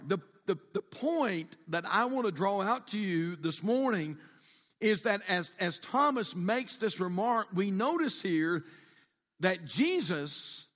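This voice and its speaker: Brief: high-voiced pastor, emphatic and conversational, preaching in an echoing church. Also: male voice, fairly bright tone. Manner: repetitive, emphatic, conversational, asks the congregation questions. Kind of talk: sermon. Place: church sanctuary. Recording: reverberant church hall.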